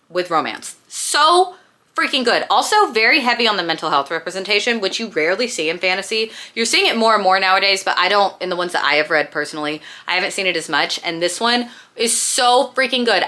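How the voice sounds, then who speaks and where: Bright-voiced gushing woman. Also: mid-range voice. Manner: gushing, emphatic, chatty. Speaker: book vlogger. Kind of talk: casual book recommendations.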